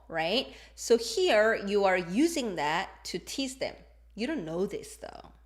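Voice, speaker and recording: A woman teaching a live-streamed language lesson in a playful, expressive way, exaggerating her examples to show intonation. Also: mid-range voice.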